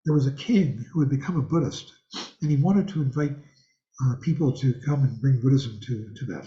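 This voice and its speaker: A man's voice: medium pitch, mellow. An older man teaching an online Buddhist class from his home over a video call, talking in a rambling, conversational way and asking the class questions. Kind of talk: online dharma class talk. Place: home room with a hanging thangka. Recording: roomy, slightly dull video-call audio.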